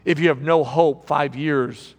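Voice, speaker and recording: A man's voice: on the high side, steady tone, measured pace, in a large hall. A man preaching a sermon as pastor in a large auditorium, building with emphasis and repeating his phrases.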